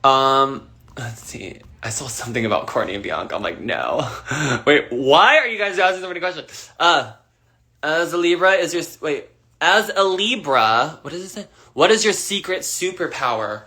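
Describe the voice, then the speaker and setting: A man's voice: on the high side, lively intonation, normal speed, sharp tone. A young man casually answering fan questions on a livestream, rambling loosely and swearing freely.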